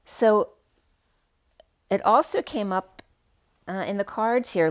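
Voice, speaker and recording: A woman's voice: medium pitch, slow pace. Rambling lo-fi woman tarot reader. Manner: rambling, free-associating wordplay. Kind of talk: spiritual tarot reading monologue. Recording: dull lo-fi sound.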